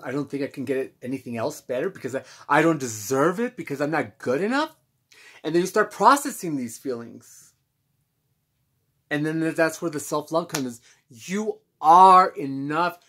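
Man, higher-pitched voice, candid personal monologue, halting, reflective. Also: a bit bright, breathy edge. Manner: halting, reflective, many pauses and restarts. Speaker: self-help channel host.

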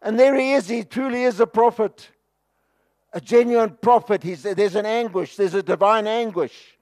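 A man with a South African accent preaches an impassioned sermon, swinging dramatically between loud outbursts and hushed passages. His voice is high-pitched and his speed normal.

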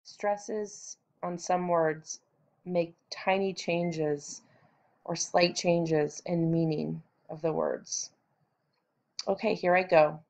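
Slow, deliberate woman teacher reading aloud. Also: lowish voice, fairly even intonation, a little mellow. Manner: deliberate, stresses words for emphasis; clear instructional delivery for children. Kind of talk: read-aloud reading lesson.

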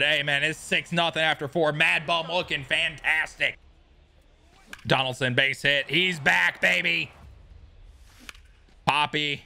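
Young male streamer, bright voice, unhurried, swings from mutters to shouts, game music faint behind. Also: mid-range voice. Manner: excitable, yells at big plays, swears, talks to chat. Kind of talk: live gameplay commentary.

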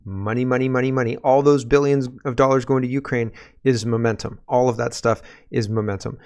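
A man's voice: mid-range voice, steady tone, brisk, a little mellow. A man in his forties hosting a casual political commentary show, talking animatedly and chuckling between points. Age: 40s.

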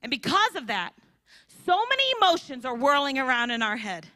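A woman preaches at a women's conference, and her voice sits high and swings widely in pitch. Her tone is bright, and she acts out the people in her stories. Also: fairly quick, no echo. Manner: animated storytelling with acted-out voices. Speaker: conference speaker. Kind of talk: sermon.

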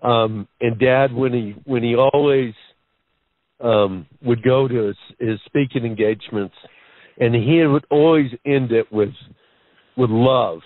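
A man's voice: medium pitch, unhurried, dry recording. Earnest man on a tinny phone line. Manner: earnest, rambling, with frequent repeated words. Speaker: guest. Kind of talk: casual storytelling interview.

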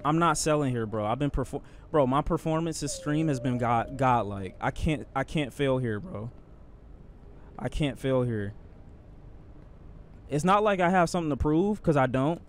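A man streaming a climbing game live, talking to himself under his breath and then yelling when he nearly falls. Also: mid-range voice, normal speed, slight background noise. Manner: anxious, swings from muttering to shouting. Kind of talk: live gameplay commentary.

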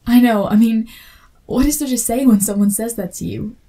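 A woman with a mellow, slightly rough, a little high voice speaks at normal speed in a whispered role-play. She plays an awkward young female fan meeting her favorite author, flustered and full of self-deprecating, apologetic chatter.

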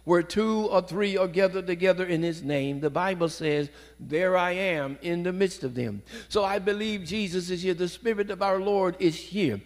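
A man's voice: sits high, moderate pace. A man preaching a sermon in a church sanctuary, fervent, with rising exhortations. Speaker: pastor. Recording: long hall reverb.

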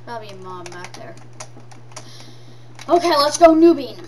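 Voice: mid-range voice, very animated, normal speed. A gameplay commentator talking in a silly, sing-song way and repeating lines over and over. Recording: distant from the mic, faint noise.

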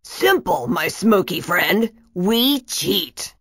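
A smug, scheming storybook villain, put on by a woman reading aloud brags loudly about his sneaky plans. The voice is pushed louder than her usual reading voice and sounds a little set back from the mic. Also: fairly low pitch, big pitch swings, very slow, breathy edge, no room sound, studio quality, exaggerated voice. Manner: loud, boastful.

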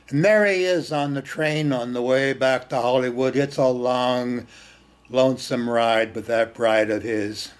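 A man hosting film screenings tells stories informally and with animation, repeating words for emphasis and slipping in blunt, earthy remarks. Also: mid-range voice. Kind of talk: informal storytelling talk.

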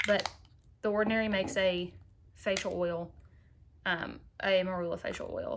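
A woman's voice: fairly low pitch, little pitch movement, normal speed, background noise. A young woman talking casually to viewers in a makeup tutorial, chatty and sassy, calling them girl. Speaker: beauty vlogger.

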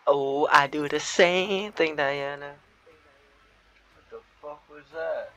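A man's voice: fairly high pitch, slow pace, pushed and bright, slight background noise. Laid-back sweary young gamer guy. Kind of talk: casual gaming chat. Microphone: headset.

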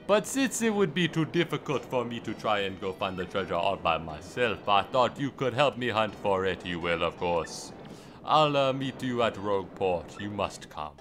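A man's voice: lowish voice, fairly bright tone. A man reading as a gracious young princess. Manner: reading aloud in a lightly put-on voice.

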